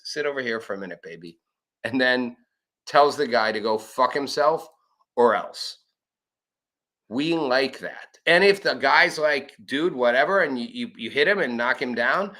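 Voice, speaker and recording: A man's voice: a little high, pushed and bright. A man hosting a live commentary show, talking bluntly and profanely and acting out the people he quotes. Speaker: show host.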